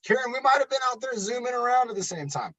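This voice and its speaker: A man's voice: very high voice, big pitch swings, fast, pushed and bright, low-quality recording. A man leading a live online exercise class as a fitness coach, upbeat and chatty, counting reps and talking to viewers by name. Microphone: computer webcam.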